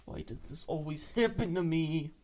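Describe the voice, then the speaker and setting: Brief: deadpan storyteller, mid-pitched voice, reads dark internet stories with a straight face and plenty of swearing. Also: moderate pace. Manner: deadpan, matter-of-fact, casual swearing. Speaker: narrator of internet greentext stories. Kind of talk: reading internet stories aloud.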